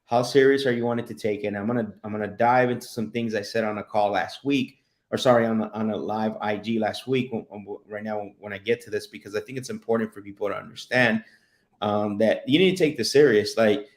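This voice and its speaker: Animated man in casual sales chat. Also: fairly low pitch, brisk, roomy sound. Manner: animated, repeats and restarts words, laughs while telling stories. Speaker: podcast host and sales coach.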